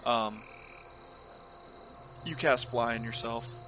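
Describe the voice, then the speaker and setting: A man's voice: mid-range voice, takes it slowly, music in the background. A man running a tabletop game as game master, narrating loosely with lots of fillers. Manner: casual, filler-heavy narration.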